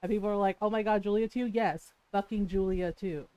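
A woman streamer telling a story in casual live-stream chat, animated and ranting, laughing often and swearing freely. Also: mid-range voice, a little fast, clear, resonant tone, no echo, highs cut off.

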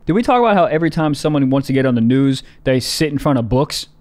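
A man co-hosting a casual podcast chat, profane and animated, often jumping into high mock voices. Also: fast. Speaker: podcast co-host.

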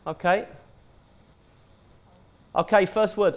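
British man demonstrating teaching software. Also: fairly high pitch, expressive, normal speed. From Britain. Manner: informal, explains step by step. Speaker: teacher trainer.

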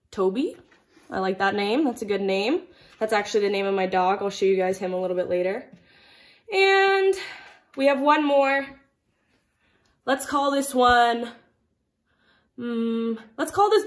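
A young woman hosting a playful cooking demonstration for children, bubbly and jokey, talking straight to the kids at home. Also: medium pitch. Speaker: children's ministry cooking host.

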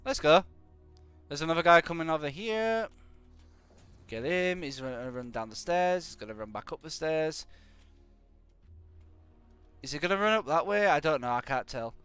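A man commentates his own game in a lively voice that swoops up and down, often sarcastic and jokey. His voice sounds high and bright. Faint music plays underneath. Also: moderate pace, pauses often, smooth, no echo. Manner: jokey, sarcastic, animated, bursts of exclamations. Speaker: live-streaming gamer. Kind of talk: live gameplay commentary.

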